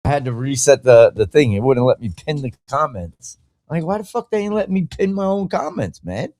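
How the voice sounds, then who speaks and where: A man's voice: a little high, sing-song, a little fast, darkish tone, no room sound, studio quality. A male podcast host chatting casually on a live stream, talking back to viewers by name in a blunt, profane, argumentative way.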